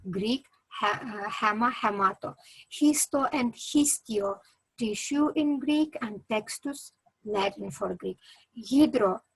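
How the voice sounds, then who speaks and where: Slow, husky-voiced woman lecturer with a Kyrgyz accent. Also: a little high, dry recording, low-quality recording. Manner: slow and halting, many "uh" fillers, lists terms. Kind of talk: reading a terminology lesson.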